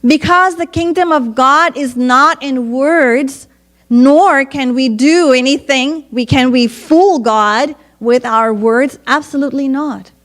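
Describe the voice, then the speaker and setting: High-voiced woman preacher, slow and earnest. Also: fairly bright tone. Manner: earnest, measured storytelling. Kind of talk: devotional sermon storytelling.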